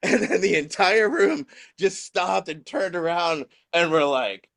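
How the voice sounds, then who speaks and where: A man from New Orleans telling a story in casual chat, acting out the people he quotes in high voices. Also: expressive, takes it slowly, vocal fry, fairly bright tone, no echo, clean studio sound. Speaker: guest, dispensary owner.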